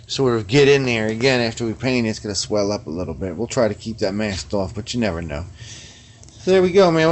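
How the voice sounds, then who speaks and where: A man showing guitar parts in a casual workshop vlog, rambling and slangy, tagging lines with "you know what I mean" and "man". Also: medium pitch. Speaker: guitar builder.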